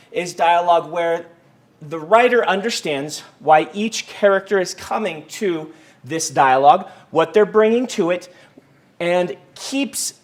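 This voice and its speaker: Man, writing instructor, fairly high voice, chatty lecture full of ums. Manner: conversational, many ums and restarts. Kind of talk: university lecture. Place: lecture hall.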